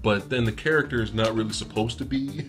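Animated man reviewing movies. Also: medium pitch, a little fast, soft background music. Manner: animated, laughs often, exasperated rants. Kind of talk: casual movie review chat.

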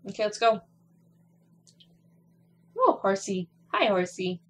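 A woman's voice: mid-range voice, big pitch swings, slow, fairly bright tone, a little hiss or hum. Swearing young woman playing a game. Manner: swears often and talks back at characters on screen; laughs and squeals while playing. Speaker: gameplay streamer. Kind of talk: casual gameplay commentary.

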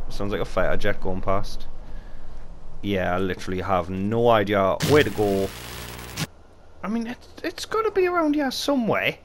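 A man's voice: fairly low pitch, wildly swooping pitch, moderate pace, slight background noise. A young Geordie man giving joking, chatty game commentary with casual swearing, talking into a desk mic. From North East England. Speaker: gaming YouTuber.

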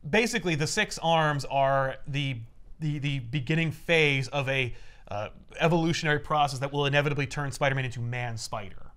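A young adult man, recapping a comic in casual chat and jumping into quick voices for the characters. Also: mid-range voice, fairly bright tone, clear, resonant tone. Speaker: comic book recap host.

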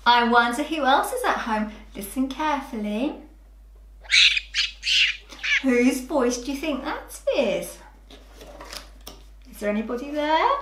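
A woman teaching young children phonics, sounding words out slowly with gentle encouragement. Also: high-pitched, reverberant, slight background noise. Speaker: early years teacher. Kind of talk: slow, clear children's lesson.

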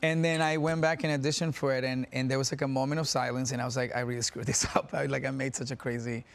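A man's voice: medium pitch, level tone, fast talker, creaky. A man in his forties chats as a guest on a daytime talk show. He tells his stories with animation, laughs easily and often restarts his sentences mid-thought. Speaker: guest actor. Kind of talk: casual talk-show interview.

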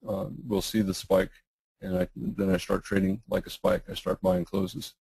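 A middle-aged man, losing his voice and clearing his throat, answering webinar questions in a halting way with many fillers and restarts. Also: sits low, little pitch movement, darkish tone, no echo, rough recording. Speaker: guest trading educator.

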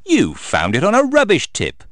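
Man putting on a mother pig, teasing, a touch higher, very lively, storybook voice. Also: moderate pace, no room sound, studio quality, full character voice.

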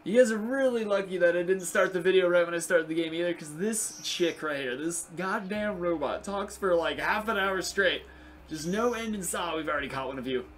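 A young man giving casual, excitable gameplay commentary, swearing and chatting to the game's creatures. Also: high voice, brisk, a little hiss or hum. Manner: excitable, profane, talks to game creatures. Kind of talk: casual let's play commentary.

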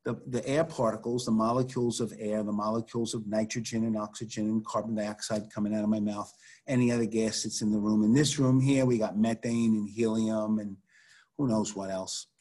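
A man's voice: lowish voice, flat delivery, brisk, darkish tone. A middle-aged man, a chemistry teacher, giving an online class in a conversational, storytelling way over a video call.

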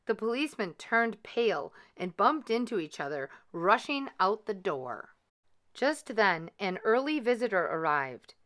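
A woman gently and expressively reading a children's story aloud. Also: medium pitch, very animated, measured pace.

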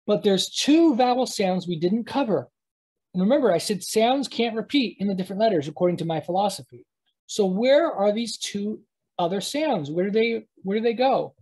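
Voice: medium pitch, lively intonation, a little mellow, husky, poor audio. A teacher giving a live online lesson, talking at a computer mic while screen-sharing and often stopping to correct themselves. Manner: halting, self-correcting, thinks aloud.

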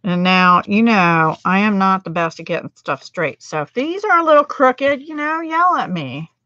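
A woman's voice: mid-range voice, lively intonation, moderate pace, pushed and bright, dry recording, highs cut off. A middle-aged American woman demonstrating card making on a livestream, chatting with viewers and laughing at her own mistakes. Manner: chatty, self-deprecating, laughs often.

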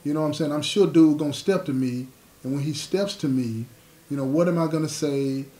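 Speaking a little fast in a slightly high voice with a dark tone, a man recounts a prison story in a streetwise, casual manner. He acts out what people said and often checks that you follow him with "you know what I'm saying." The room echo is noticeable.

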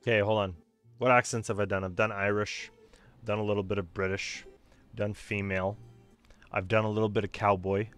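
A man with a low voice gives casual, rambling gameplay commentary, often talking to himself and trailing off into fillers. Quiet music plays faintly behind him. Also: little pitch movement, a little fast. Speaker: streamer voicing a game.

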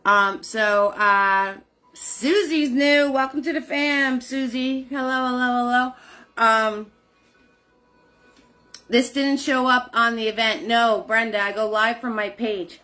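A chatty woman hosts a live painting session, greeting viewers one by one with lots of fillers. Her voice sits a little high, and faint music plays behind her. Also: slow pace, bright, forceful tone. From New Jersey. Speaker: live painting class host. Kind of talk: casual live-stream chat.

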